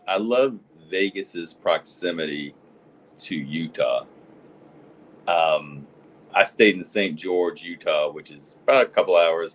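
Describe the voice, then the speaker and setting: A man's voice: low-pitched, a little hiss or hum, rough recording. A man in casual chat, telling a meandering travel story with many hesitations.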